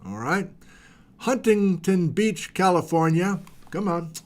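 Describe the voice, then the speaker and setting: A middle-aged man with a slightly higher voice runs a casual livestream. He greets viewers one by one and tosses in playful, friendly asides. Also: animated, takes it slowly. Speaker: geology livestream host.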